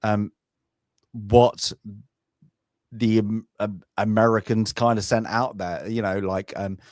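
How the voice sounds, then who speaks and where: A British podcast co-host takes it slowly, his lowish, darkish voice showing little pitch movement. He chats casually about a film, rambling with plenty of fillers and restarts, recorded in clean studio sound with no room echo.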